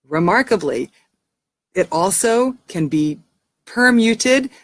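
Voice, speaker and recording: A woman talking casually and earnestly to camera about raising children, warm and heartfelt, often restarting her sentences. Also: on the low side, dry recording. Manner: frequent restarts. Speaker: parenting teacher.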